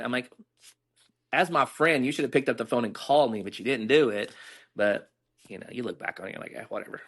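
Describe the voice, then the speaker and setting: Man, middle-aged, interview guest, casual storytelling, mid pitch, quotes others aloud. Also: fast, fairly bright tone. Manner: candid, rambling, acts out quoted dialogue.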